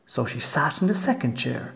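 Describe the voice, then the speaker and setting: A man reading a fairy tale aloud in an expressive, storytelling manner. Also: medium pitch, normal speed, creaky.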